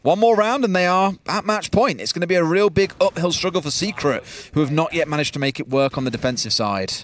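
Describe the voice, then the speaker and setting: Fast, high-voiced teasing esports caster. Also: male voice, a bit bright. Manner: teasing, laughs often, mocks his co-caster's accent. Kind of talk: colour commentary and banter.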